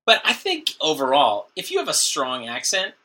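A man co-hosting a comedy podcast in casual banter, joking and dropping into quick mock voices. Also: on the high side, wildly swooping pitch, sharp tone. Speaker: podcast co-host.

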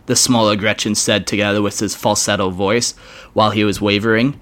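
A man's voice: lowish voice, brisk. A man casually reading a fantasy fan story aloud, with wry, joking asides. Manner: lively, wry asides with swearing. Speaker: story reader.

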